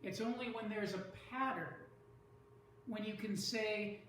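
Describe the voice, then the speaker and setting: A teacher giving a lesson on poetry, speaking slowly and deliberately and sounding out stressed syllables. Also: medium pitch, fairly even intonation, a bit bright, a little hiss or hum. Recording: echoey room from far off.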